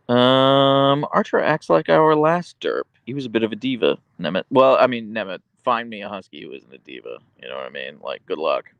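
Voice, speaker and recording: Gravelly man chatting on a livestream. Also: sing-song, moderate pace, hardly any pauses, no echo. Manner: goes high and cooing when talking to his dog. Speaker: livestream host. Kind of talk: casual live chat reading comments.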